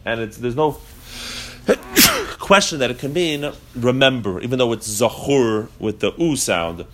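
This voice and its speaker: A man's voice: mid-range voice, sing-song, unhurried, sharp tone, a little hiss or hum. A man teaching a religious text class to a live group. He thinks aloud, with frequent restarts and fillers, and chants the Hebrew prayer lines in a rhythmic lilt. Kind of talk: live explanatory lesson to a group.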